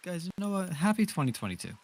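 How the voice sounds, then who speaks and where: A man's voice: sits high, very animated, fast. A man on voice chat with a friend, joking and bickering sarcastically. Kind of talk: casual gaming chat.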